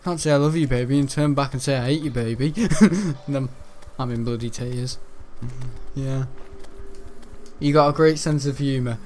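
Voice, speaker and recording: While streaming a game, a man chats casually, rambling, joking, and laughing often. His mid-range voice has a darkish tone at normal speed. There's slight background noise.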